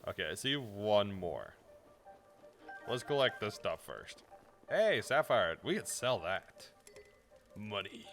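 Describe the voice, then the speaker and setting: A man with a fairly low voice that swings animatedly up and down, chatting casually while he plays on stream. He trades playful, teasing banter with his chat. Game music plays clearly behind him. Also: big pitch swings, takes it slowly, fairly bright tone.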